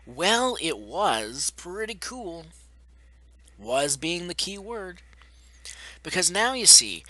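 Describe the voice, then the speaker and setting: Sarcastic young man ranting, slow and bright. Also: high-pitched, dry recording. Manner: sarcastic, blunt and profane, with mocking mimicry. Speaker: vlogger. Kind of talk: ranting commentary to camera.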